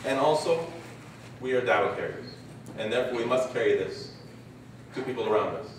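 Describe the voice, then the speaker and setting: A man's voice: medium pitch, fairly quick, a little hiss or hum. Guy preaching at a conference, acts out his examples, sounds far off in a really echoey hall. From Canada. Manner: lively storyteller acting out examples. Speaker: conference speaker. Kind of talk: religious lecture. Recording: echoey hall, distant mic, faint ambience.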